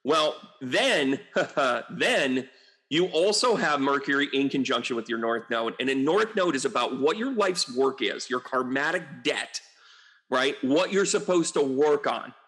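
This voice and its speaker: A man's voice: medium pitch, animated, unhurried, a bit bright. A man who works as an astrologer and medium gives a casual, joking and rambling astrology reading.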